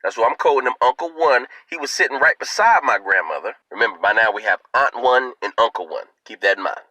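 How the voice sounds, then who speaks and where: A man telling a comic story to his viewers in a playful, animated way. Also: medium pitch, quick pace, no echo, poor audio. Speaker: video host.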